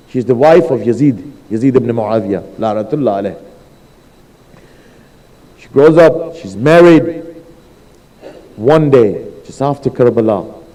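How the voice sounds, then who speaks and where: Male preacher, high dark-toned voice, storytelling sermon. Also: in a large hall, poor audio. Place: mosque hall.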